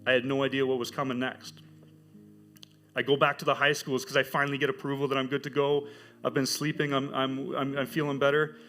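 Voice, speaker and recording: Man, middle-aged, church testimony, animated storyteller, faint background music. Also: medium pitch, fairly quick. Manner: animated storytelling, acts out quoted voices. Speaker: high school teacher giving a testimony.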